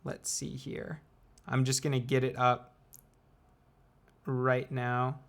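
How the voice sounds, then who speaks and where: A young man who makes student videos explains things in a casual vlog with a creaky mid-range voice and a completely flat delivery. He remains playful and unhurried, with deliberate pauses.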